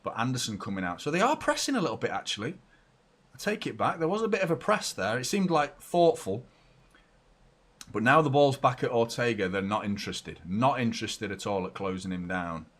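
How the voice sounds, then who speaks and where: Excitable fan host at home. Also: male voice, medium pitch, brisk. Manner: excitable, chatty, swings between shouts and mutters. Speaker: football fan channel host. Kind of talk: live match watchalong commentary. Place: home room with door open and a fan.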